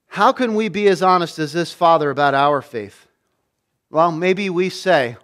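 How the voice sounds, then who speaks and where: A man's voice: sits high, normal speed, fairly bright tone. A man, a pastor, preaching a sermon with emphatic delivery, repeating key phrases and acting out quoted lines.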